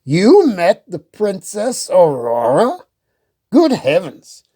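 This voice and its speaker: A woman voicing an excitable, pompous old king who squeaks and sputters when he shouts. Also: takes it slowly, slightly rough, full character voice. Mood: bossy.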